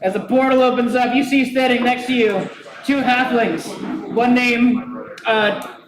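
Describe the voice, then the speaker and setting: A man's voice: very high voice, steady tone, a little slow. A man narrating as game master at a live tabletop show in a brewery, joking and laughing as he goes. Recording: roomy live venue with crowd. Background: crowd.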